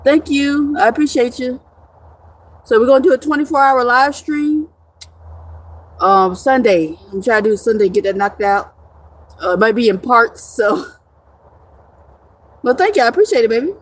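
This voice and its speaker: A woman's voice: on the high side, expressive, normal speed, long pauses. A young woman live streaming in casual chat, reading viewer comments with brash, profane joking and frequent laughter.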